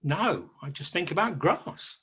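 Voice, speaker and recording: Man doing a naive husky ewe. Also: on the high side, animated, a little slow, a bit bright, dull audio, heavily acted. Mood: curious. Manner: simple, eager, easily delighted. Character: naive, grass-obsessed female ewe.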